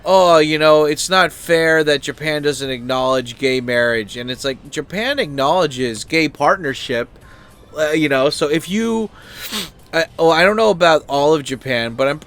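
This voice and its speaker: A man's voice: medium pitch, fairly bright tone. Rambling, profane male host. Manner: rambling, profane, lots of fillers and restarts. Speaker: channel host. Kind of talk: casual opinion chat.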